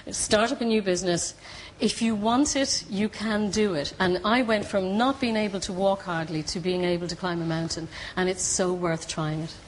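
An Irish woman, a guest on a television chat show, telling her story in an animated way and acting out the voices of people she quotes. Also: mid-range voice, moderate pace, few pauses, slight background noise, poor audio. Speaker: studio guest. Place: TV studio.

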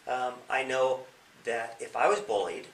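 A man's voice: medium pitch, fairly even intonation, a little slow, slight background noise. A man who is a police officer, giving young people advice in an interview. He explains with questions and acts out examples. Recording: echoey room, mic at a distance.

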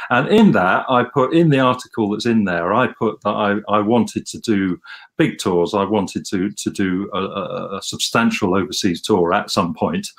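A man from England with a somewhat low voice talks casually over slides on a video call. He rambles, repeats words and pokes fun at himself as he goes. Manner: rambling, repeats words, self-deprecating humor. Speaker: guest musician giving a slide talk.

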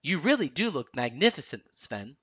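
A man reading a storybook aloud, voicing a calm, gentle queen who speaks kindly and steadily. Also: on the high side, moderate pace, husky, heavily acted.

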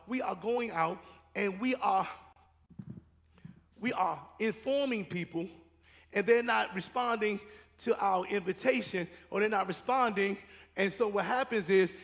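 High-pitched gravelly preacher in a hall. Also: male voice, unhurried, fairly bright tone. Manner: preaching with rising and falling intensity, repeating phrases. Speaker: pastor. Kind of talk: sermon. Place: church sanctuary. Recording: reverberant church hall.

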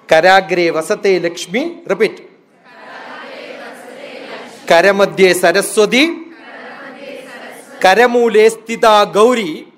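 An older man with an Indian English accent, lecturing students at an orientation, quizzing them and chanting Sanskrit verses with a laugh. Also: high voice. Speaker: guest speaker at a student orientation. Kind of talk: lively motivational lecture to students.

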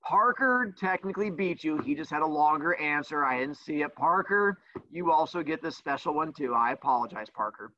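A man's voice: on the high side, expressive, normal speed, pushed and bright, no echo. A man teaching a livestreamed class, teasing his students in a sassy, playful way. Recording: dull lo-fi dry sound.

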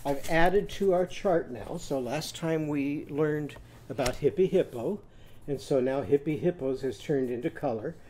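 A man with a fairly high voice leads a children's phonics lesson. He talks slowly and patiently, drawing out each syllable and cheering the listener on to say it first. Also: warm tone, a little hiss or hum. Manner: slow, encouraging, sounding out syllables. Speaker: teacher.

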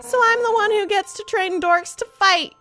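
A woman voicing a brash, fierce female fish-monster warrior captain from a game, loud and overeager. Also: very high-pitched, moderate pace, slight background noise, voice pushed up. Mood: reminiscing. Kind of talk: reading game dialogue aloud.

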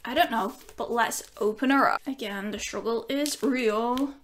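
A woman with a fairly high voice records a casual unboxing vlog from home. She talks in an unhurried, drawn-out way, gushing with excitement and chatting to her dog between thoughts. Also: a little hiss or hum. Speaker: vinyl collecting YouTuber.

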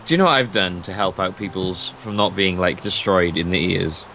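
A man co-hosting a casual gaming video, playful and quick to laugh, talking into a desk microphone set beside his keyboard. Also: sits low, gravelly, bright, forceful tone, slight background noise. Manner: playful, puts on silly voices and laughs a lot. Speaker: co-host of a game series.

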